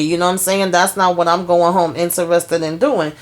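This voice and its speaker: A woman's voice: lowish voice, steady tone, a little fast, hardly any pauses. A woman hosting a casual TV episode recap in a chatty way, acting out the characters' lines as she retells them. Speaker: TV recap host.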